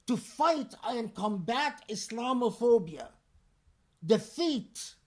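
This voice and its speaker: A man preaching a Friday sermon in a deliberate, emphatic and pointed way. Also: very high-pitched, darkish tone.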